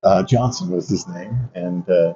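A man's voice: deep voice, unhurried, warm tone, slight background noise. An older man, an Army veteran, telling reflective stories in an interview, with frequent fillers and restarts. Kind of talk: conversational interview storytelling. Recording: dull lo-fi audio.

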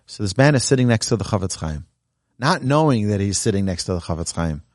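A man's voice: lowish voice, lively intonation, fast, darkish tone, no room sound, studio quality. A man teaching a Torah class as a rabbi, speaking earnestly and urging his listeners, with emphatic rising lines as he tells a story. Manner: earnest, exhortative, tells stories with emphatic rises. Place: Torah learning center, indoors. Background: live audience present.

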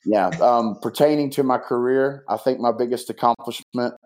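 A man of middle pitch speaks as a guest on a talk show. He tells loose stories and earnest reflections, rambling through fillers and restarts. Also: fairly even intonation, normal speed, darkish tone, poor audio. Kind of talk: casual storytelling and heartfelt reflection.

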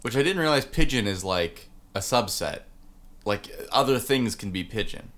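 A man with a lowish voice and a bright, forceful edge, bantering loosely on a podcast. He rambles through jokes and drifts into fillers as he hunts for words. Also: lively intonation, normal speed. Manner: rambling, jokey, trails off into fillers. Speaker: podcast co-host. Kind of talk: casual chat.

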